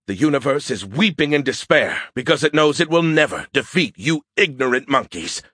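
A man's voice: mid-range voice, animated, fairly quick, fairly bright tone, husky, dry recording, studio quality. A man voicing a smug, insulting male alien AI who mocks humans with sarcastic bragging. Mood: amazed. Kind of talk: audiobook character voice.

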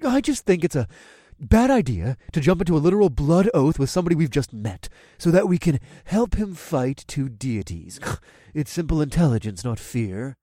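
A man's voice: on the high side, sing-song, moderate pace, warm tone, no echo, clean studio sound, voice pushed up. Man voicing a weaselly, sneering Carl. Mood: defensive. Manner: grudging, sneering.

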